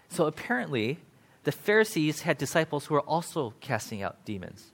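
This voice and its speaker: Male pastor, casual sermon, slightly high voice, chatty paraphrasing. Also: moderate pace, gravelly. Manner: conversational, animated paraphrasing with frequent "like" and "right?".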